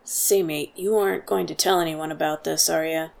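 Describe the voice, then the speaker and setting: A woman voicing a gruff middle-aged male guard who talks in a blunt, slangy way. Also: low voice, steady tone, moderate pace, darkish tone.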